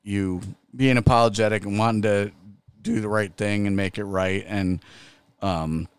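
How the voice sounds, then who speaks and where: A middle-aged man co-hosting a podcast, talking slowly with many restarts and frequent laughter. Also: lowish voice, fairly even intonation, clean tone, dry recording. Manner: laughs often, slow and halting with restarts. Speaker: podcast co-host. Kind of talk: casual podcast chat.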